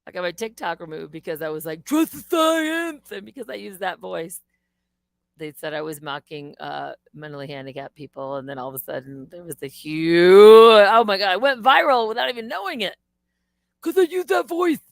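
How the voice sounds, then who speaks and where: A woman's voice: sits low, creaky, dry recording. Dry-sounding ranting woman streamer. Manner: animated, indignant, swears freely. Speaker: live stream host. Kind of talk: casual live stream rant.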